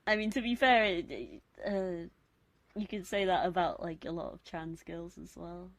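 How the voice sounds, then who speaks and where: A woman with a posh British accent and a husky, deepish voice, chatting casually on a late-night stream in a rambling, giggly, self-mocking way. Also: moderate pace, dry recording. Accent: posh British English. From Britain. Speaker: live streamer.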